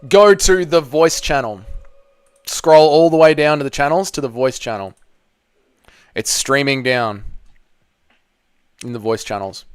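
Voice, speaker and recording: A man's voice: mid-range voice, a little slow, long pauses, smooth, no room sound. A man hosting a live MMA reaction stream, chatting loosely with viewers and swearing freely.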